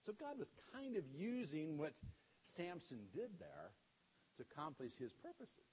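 A man, a pastor, telling a playful, animated Bible story to children. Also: a little high, measured pace, highs cut off, a little hiss or hum.

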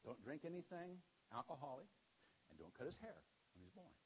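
A man voicing a casual, friendly male angel messenger who talks in a relaxed, reassuring way. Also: on the high side, a little fast, a little hiss or hum. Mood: easygoing. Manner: laid-back, chatty, reassuring. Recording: dull lo-fi recording.

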